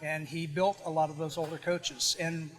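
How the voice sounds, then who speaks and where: Brief: high-pitched male technician, plain-spoken explainer, soft music behind. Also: little pitch movement, moderate pace. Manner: plain-spoken, restarts mid-word. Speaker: service technician.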